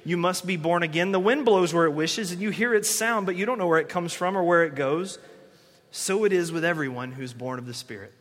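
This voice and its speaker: A man's voice: sits high, a bit bright. A man preaching a conversational sermon, acting out the people he quotes. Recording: long hall reverb.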